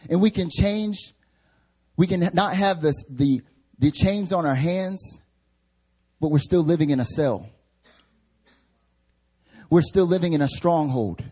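A young man preaches a sermon with a husky, breathy edge to his voice. He pitches it a little high and keeps the tone casual and slangy, swinging between loud stretches and softer, lower passages. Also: slow pace, pauses often. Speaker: pastor.

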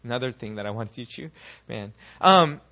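Bright-voiced young man preaching. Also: medium pitch, a little fast. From United States. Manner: animated, rhetorical questions to the congregation. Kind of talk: sermon.

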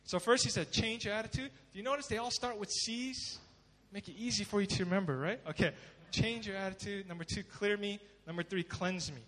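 A man preaching a sermon as pastor, dramatic, swinging from loud emphasis to hushed pleading. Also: high voice, brisk, in a large hall.

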